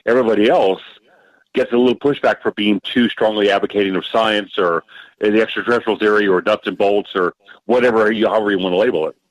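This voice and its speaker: A man speaking as a guest historian in a roundtable, measured and thoughtful. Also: lowish voice, steady tone, no room sound, rough recording. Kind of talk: casual roundtable discussion.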